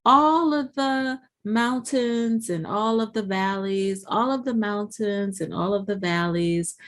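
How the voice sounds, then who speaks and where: Animated woman acting out inner voices. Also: medium pitch. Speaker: podcast host. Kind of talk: motivational podcast talk.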